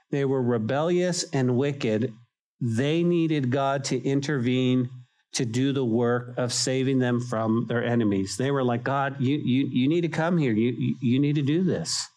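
A man preaching to his congregation in a mid-pitched voice. He speaks with fervent conviction and stumbles over repeated words as he builds up. His scripture reading and short acted-out prayers are woven into the sermon. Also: a little mellow. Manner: impassioned, repetitive restarts, acts out little quoted prayers. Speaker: pastor.

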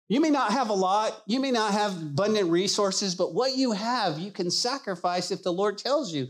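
A man preaching a sermon as pastor, animated and emphatic, acting out the people he quotes. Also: sits high, normal speed, hardly any pauses.

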